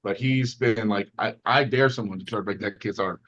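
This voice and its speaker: A man hosting a casual chat about armwrestling training, talking in a rambling, animated way. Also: fairly low pitch, a little fast. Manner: rambling, animated, sarcastic jokes. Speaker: host, armwrestling team member. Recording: dull lo-fi sound.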